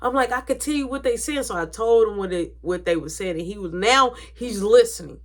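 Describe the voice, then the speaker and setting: Animated young woman telling a family story. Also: on the high side, a little fast. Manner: animated, acts out quoted voices, drops to whispers. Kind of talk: casual storytime.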